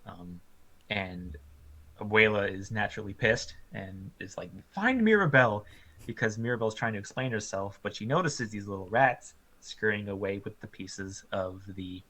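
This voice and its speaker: A man co-hosting a casual film review chat, animated and full of ums and likes, often laughing as he retells scenes. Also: on the low side, moderate pace.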